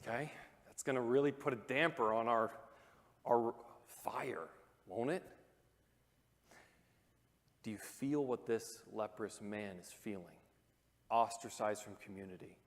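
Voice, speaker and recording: A man preaching a sermon in a church auditorium, talking conversationally with joking asides and dropping to hushed, dramatic moments. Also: fairly low pitch, measured pace, long pauses. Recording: long reverb of a church hall.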